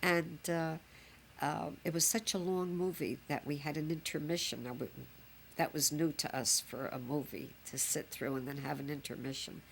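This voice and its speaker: A woman's voice: deep voice, fairly even intonation, normal speed, creaky, slight background noise. An older woman, a grandmother reminiscing fondly in a chatty, rambling way. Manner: chatty, fond, rambling with fillers. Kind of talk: reminiscing home recording.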